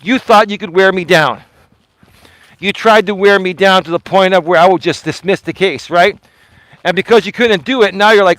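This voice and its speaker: A man's voice: high-pitched, fairly quick, fairly bright tone, no room sound, rough recording. A man hosting a live walking vlog outdoors, speaking emphatically and repeating his points while holding his phone on a selfie stick. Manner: emphatic, repetitive, addressing someone directly. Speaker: vlogger host.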